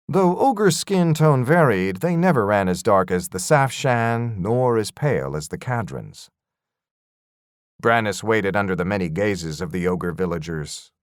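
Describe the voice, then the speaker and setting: Low-voiced man narrating an audiobook. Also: no echo, studio quality. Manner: expressive storytelling. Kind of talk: scripted fantasy narration.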